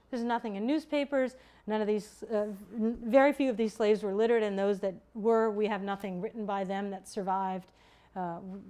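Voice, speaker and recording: Woman, historian, academic lecture, mid-range pitch, restarts often, explanatory. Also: clear, resonant tone. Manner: halting, self-correcting, many restarts; thoughtful, explanatory.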